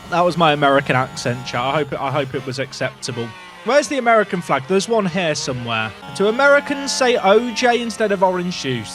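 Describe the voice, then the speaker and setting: Excitable high-voiced streamer. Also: male voice, a little fast, soft background music. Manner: excitable, jokey, shouting at the screen. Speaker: streamer playing a racing management game. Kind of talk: live gameplay commentary.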